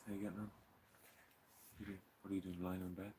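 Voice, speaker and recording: Low-voiced Irish man gardening outdoors. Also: level tone, fast, noisy background. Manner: rambling and self-mocking, talks to plants and viewers. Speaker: gardening channel host. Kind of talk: live-stream chat while gardening.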